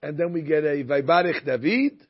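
A man's voice: on the high side, normal speed, husky. A man teaching a recorded Torah lesson, telling stories and using many Hebrew terms. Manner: storytelling, sprinkled with Hebrew terms. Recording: muffled lo-fi recording.

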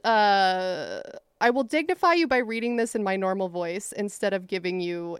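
A woman's voice: mid-range voice, animated, normal speed, smooth, no echo, clean studio sound. A woman co-hosting a podcast, reading listener mail aloud with playful asides. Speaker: podcast co-host.

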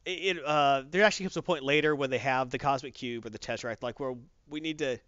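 A man chatting casually about a movie, acting out quotes in quick voices. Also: mid-range voice, a bit bright, clear, resonant tone, no room sound, dull audio. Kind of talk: casual chat, movie review.

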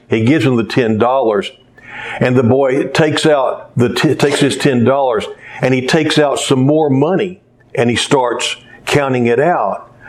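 A man preaching a sermon, telling stories and sometimes losing his place and starting over. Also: medium pitch. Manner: rambling storyteller who loses his place and restarts. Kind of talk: sermon with storytelling.

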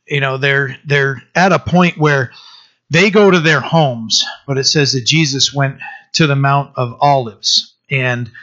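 A man preaching a sermon in a halting way, with many fillers and restarts. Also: medium pitch, fairly even intonation, fairly bright tone, muffled recording. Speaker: pastor.

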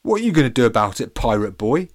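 A man voicing a brash, mocking banana henchman who shouts his threats. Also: mid-range voice, very animated, fast, no room sound, clean studio sound, pitched above the performer's own voice, lightly acted. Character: bullying male banana henchman, big and brash.

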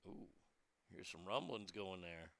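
A man's voice: low voice, animated, a little slow, creaky, a bit bright, dry recording, clean studio sound. A man working as a radio DJ, reading odd news and ranting about it in a sarcastic, crude, rambling way. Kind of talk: profane talk radio commentary.

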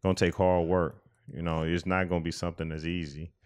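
A man's voice: low-pitched, flat delivery, fairly quick, darkish tone. A man co-hosting a podcast, talking earnestly and reflectively in a casual chat, with many restarts. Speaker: podcast co-host.

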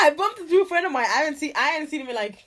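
Lively high-voiced woman. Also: racing. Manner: animated storyteller, laughs often, mixes in Dutch. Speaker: co-host. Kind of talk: casual chat.

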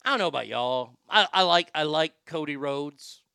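A man's voice: fairly high pitch, animated, moderate pace, gravelly, pushed and bright, clear, resonant tone, dry recording, clean studio sound. A man hosting a show with sarcastic, profane ranting commentary and frequent stammered restarts. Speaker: podcast host.

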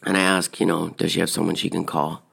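Brief: low-voiced man, heavy vocal fry, casual personal storytelling. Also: fast. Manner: relaxed conversational storytelling.

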